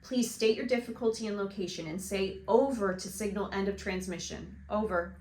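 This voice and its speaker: A woman's voice: medium pitch, normal speed, a little mellow, close to an everyday voice. A woman voicing an adult male radio operator, speaking in clipped, formal radio phrases, slightly raised and firm. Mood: firm procedural. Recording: roomy with faint hiss.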